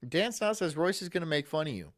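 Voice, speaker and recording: A man's voice: on the high side, big pitch swings, quick pace, over music. A man hosting a live stream, talking casually with crude, sarcastic, mocking remarks. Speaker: streamer host. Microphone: studio mic.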